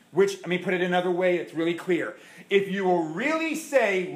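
A man's voice: sits high, lively intonation, normal speed. A man preaching a sermon as pastor, emphatic, repeating his points and asking the congregation questions, in an echoey church. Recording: echoey room.

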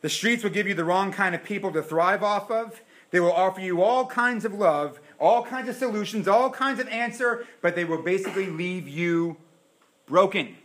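High-voiced preaching man, echoey room. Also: moderate pace. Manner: animated preaching, swings from loud to hushed. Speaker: pastor. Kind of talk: sermon.

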